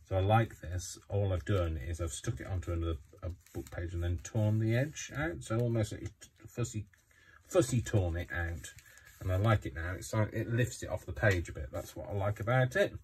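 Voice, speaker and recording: Tired low-voiced man chatting while crafting. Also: animated, normal speed, darkish tone, recorded from a distance, a little hiss or hum. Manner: rambling, self-talking, many ums and restarts. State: tired, yawning. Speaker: craft vlogger. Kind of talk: casual chat while crafting. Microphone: phone camera left running.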